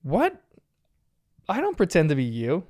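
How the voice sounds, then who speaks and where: A man's voice: fairly high pitch, wildly swooping pitch, measured pace, a little mellow. A man voicing a playful cartoon dad who teases his kids in a dry, smug way. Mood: smug teasing.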